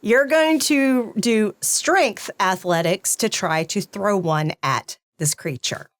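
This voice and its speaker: A woman running a tabletop game as game master, narrating the action in a lively way and laughing often. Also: medium pitch, takes it slowly, no room sound.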